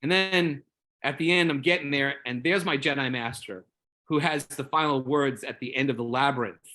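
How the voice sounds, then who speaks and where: A Jedi community member tells a story during a casual group discussion, rambling in an earnest, openly emotional way and repeating words as he searches for them. His voice is mid-range and sharp, at normal speed.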